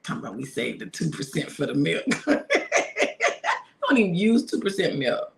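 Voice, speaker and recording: A woman's voice: low-pitched, very animated, moderate pace, creaky, a little mellow, slight background noise. A middle-aged woman giving a casual spiritual talk to her listeners, repeating phrases for emphasis and speaking to them directly. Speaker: minister sharing a devotional.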